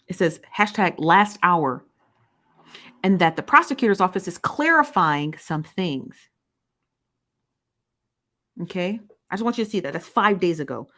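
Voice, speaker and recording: A woman's voice: on the low side, animated, unhurried, long pauses, pushed and bright. A woman giving exasperated live-stream commentary, reading comments aloud and repeating herself in disbelief. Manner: reads comments aloud from viewers. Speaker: online commentator.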